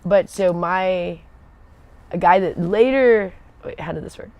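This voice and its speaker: Her lowish voice comes through a muffled recording with no echo, a little slow, as this Air Force veteran recounts casual service stories on a livestream. The storytelling is digressive, and she frequently loses her thread and laughs.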